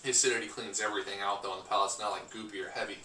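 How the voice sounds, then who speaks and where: A man with a somewhat low voice talks quickly as he co-hosts a casual wine tasting, often stopping to hunt for the right word. His tone is bright. The recording is roomy and distant, with faint hiss behind it. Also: steady tone. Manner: descriptive, searching for words. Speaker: podcast co-host. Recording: roomy sound from a distant mic, faint ambient noise.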